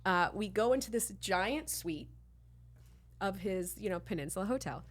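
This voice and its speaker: A woman hosting a podcast, telling a candid personal story in an animated way, swearing freely and acting out what people said. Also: mid-range voice, normal speed. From Miami, Florida. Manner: animated, swears freely, acts out quotes with a rising voice. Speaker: podcast host.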